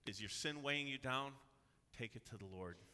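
A man's voice: medium pitch, moderate pace, pushed and bright. A man preaching a sermon in a church, reading scripture and exhorting his congregation with earnest emphasis. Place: church sanctuary. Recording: long hall reverb.

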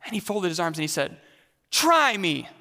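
Guy pastor giving a sermon, chatty, asks the crowd stuff, high voice, long echo in a big hall. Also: fast talker, fairly bright tone. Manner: conversational, questions the congregation directly.

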